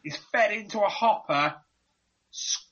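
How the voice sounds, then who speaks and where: A man's voice: sits high, measured pace, fairly bright tone, breathy edge, dull audio. A man with an English Midlands accent, a podcast guest joking crudely over a video call. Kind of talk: casual podcast banter.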